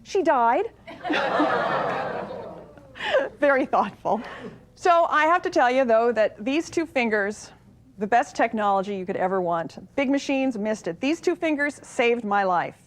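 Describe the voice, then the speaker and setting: A woman's voice: fairly high pitch, animated, measured pace, long pauses. A woman in her forties performing a stand-up comedy routine with punchy, wry joke delivery. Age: 40s.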